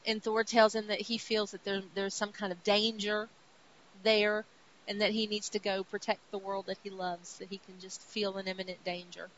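A woman's voice: medium pitch, normal speed. Woman recapping comics on a lo-fi podcast. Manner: animated retelling with acted-out quotes. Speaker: podcast co-host. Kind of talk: casual comic book recap. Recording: dull lo-fi audio with faint hiss.

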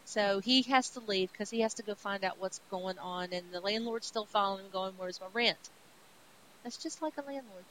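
A woman co-host tells comic book stories in a chatty, animated way. Her voice sits at an ordinary middle pitch, and a faint hiss runs under the recording. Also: brisk, few pauses, rough recording. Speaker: podcast co-host. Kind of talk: casual retelling of comic books.

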